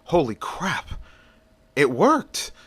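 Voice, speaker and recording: A man voicing a hot-headed young male scientist who snaps back at his mother and gets excited about his new powers. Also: on the low side, a little slow. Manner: resentful, shouting back. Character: angry young male scientist turned hero.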